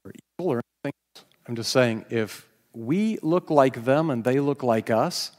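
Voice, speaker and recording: A man's voice: mid-range voice, lively intonation, normal speed. A male pastor preaching a sermon, telling stories with self-deprecating humor and laughing now and then. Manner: storytelling, self-deprecating, laughs while speaking. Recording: long hall reverb.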